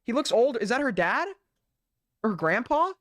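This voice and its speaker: A man's voice: very high voice, very animated, moderate pace, fairly bright tone, no room sound, studio quality. A man hosting a stream, reacting to a clip with sarcastic, laughing commentary and casual swearing. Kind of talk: mocking live commentary.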